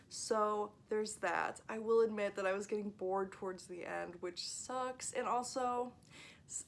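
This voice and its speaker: A young woman talking casually to camera in a book review vlog, animated and sarcastic, swearing often and breaking into laughter as she rants. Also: medium pitch. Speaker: book vlogger.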